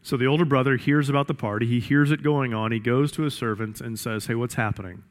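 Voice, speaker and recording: A man's voice: mid-range voice, steady tone, quick pace. A male pastor preaching a sermon in an emphatic style with lots of repetition. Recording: echoey hall reverb.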